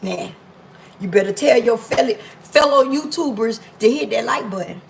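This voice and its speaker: A woman's voice: fairly high pitch, lively intonation, moderate pace, creaky, a little hiss or hum, low-quality recording. A woman hosting a casual cooking livestream from her home kitchen, playful and teasing her viewers as she talks into her phone. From Miami. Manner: playful, teasing viewers, drawling African American Vernacular speech.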